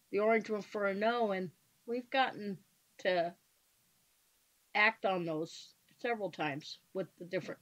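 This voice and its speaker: A woman's voice: medium pitch, dull audio. A woman on a radio show explaining her ghost-hunting methods in a matter-of-fact, casual way. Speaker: paranormal investigator guest.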